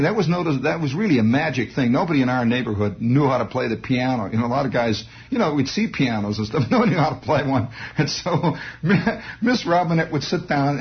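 Rambling comic storyteller, man. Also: fairly high pitch. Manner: rambling, digressive, wry asides. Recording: dull lo-fi recording.

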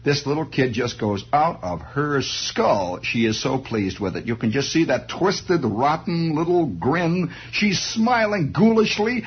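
A man's voice: on the high side, animated, measured pace, few pauses, soft background music. A man hosting a radio show, telling a comic monologue in a rambling, stammering way on a dull lo-fi radio recording. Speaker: radio talk show host.

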